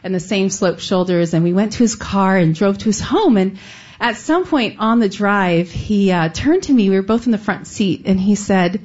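A middle-aged woman from the United States tells a personal story to an audience in an earnest, heartfelt way, now and then breaking into a light laugh. Her voice sits in an ordinary middle pitch for a woman. The recording sounds somewhat dull and lo-fi. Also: moderate pace, a little mellow. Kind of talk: personal story told on stage.

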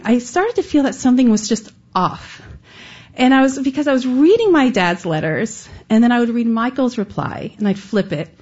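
A middle-aged woman from the United States tells a personal story to an audience in an earnest, heartfelt way, now and then breaking into a light laugh. Her voice sits in an ordinary middle pitch for a woman. The recording sounds somewhat dull and lo-fi. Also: darkish tone. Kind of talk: personal story told on stage.

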